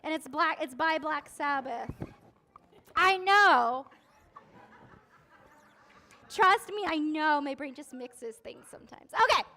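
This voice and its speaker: A woman's voice: high voice, expressive, slow, pauses often, pushed and bright. A woman leading a sung Passover seder, playful and joking, making animal and sound effects as she sings. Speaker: seder leader. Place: synagogue service. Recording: guitar music behind.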